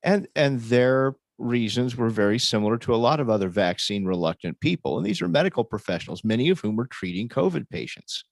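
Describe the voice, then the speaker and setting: A man speaking as a panelist in a casual group discussion, measured and wry. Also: medium pitch, lively intonation, creaky, no echo.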